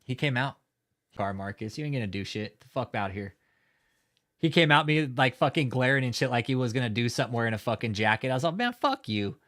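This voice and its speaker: A man's voice: mid-range voice, fast, a bit bright. A man hosting a live stream, talking in a heated, profane rant and often swearing. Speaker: livestream host. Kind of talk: angry live-stream commentary.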